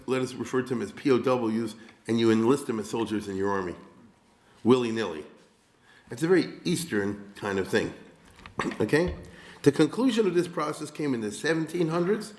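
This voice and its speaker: A man, a rabbi, giving a conversational history lecture, full of rhetorical asides and quick check-ins with his listeners. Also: medium pitch, reverberant.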